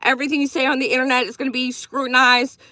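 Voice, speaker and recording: A woman's voice: high-pitched, flat delivery, racing, no room sound. A woman giving blunt, profane, opinionated commentary on a livestream, thanking viewers as she goes. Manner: reacts warmly to viewer gifts.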